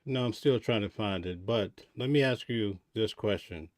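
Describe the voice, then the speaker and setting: A man co-hosting a live stream, talking casually in a halting way and asking the host questions. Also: on the low side, no echo, studio quality. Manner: halting, with fillers, asks questions. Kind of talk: casual conversation.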